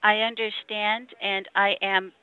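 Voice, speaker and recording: A woman's voice: medium pitch, little pitch movement, unhurried, sharp tone, clear, resonant tone. A woman working as a customer service agent, answering politely and hesitantly in a scripted way. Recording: muffled phone line.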